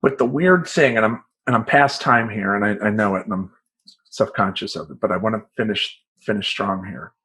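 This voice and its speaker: A man who works as a life coach, telling a personal story in a profane, rambling, animated way. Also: lowish voice, normal speed, husky, poor audio.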